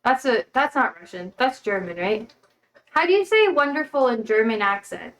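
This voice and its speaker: A young woman with a high, light voice chats loosely on her livestream. She rambles and is blunt, dropping swear words as she goes. She is feeling unwell while she talks. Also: animated, moderate pace, fairly bright tone. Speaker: livestream host. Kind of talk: casual livestream chat.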